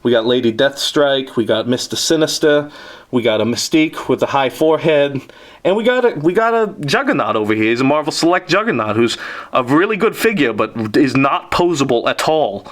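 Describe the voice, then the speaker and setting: A man's voice: mid-range voice, expressive, fairly quick. A man giving a casual, rambling tour of his collection at home, joking often and filling gaps with "uh" and "we got.". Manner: rambling and jokey, lots of "uh" and "we got". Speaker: vlogger showing his toy collection.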